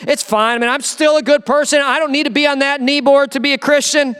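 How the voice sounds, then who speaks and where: In a church sanctuary, a high-voiced male pastor delivers a sermon with a slightly bright tone. He preaches emphatically and conversationally, posing rhetorical questions, and the hall's long reverb fills the recording.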